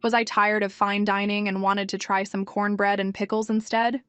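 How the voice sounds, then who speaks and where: A woman voicing a feisty young wife with no memory, speaking higher and indignant, over faint music. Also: flat delivery, moderate pace, clean tone, dry recording, lightly acted. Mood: puzzled. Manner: indignant, higher and brighter than narration. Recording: dry, music faint behind.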